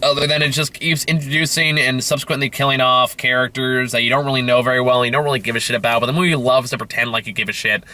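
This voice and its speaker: Sarcastic, tired man with a bright voice. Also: mid-range voice, fairly even intonation, fast, hardly any pauses. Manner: sarcastic, profane, rambling with fillers. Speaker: film reviewer. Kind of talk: casual film review rant.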